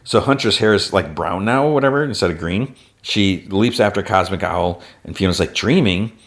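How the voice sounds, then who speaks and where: A man's voice: low-pitched, moderate pace. A man hosting a podcast, casually recapping a cartoon episode scene by scene. He uses a lot of "like" fillers and lifts his voice briefly when he quotes a character. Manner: retells plot with constant "like" fillers. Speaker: podcast host.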